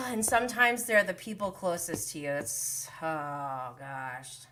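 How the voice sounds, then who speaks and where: A woman hosts a casual live-stream gossip recap, talking fast and freely. Her voice is bright and sharp. She is animated and sarcastic, with exasperated asides throughout. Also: sits low.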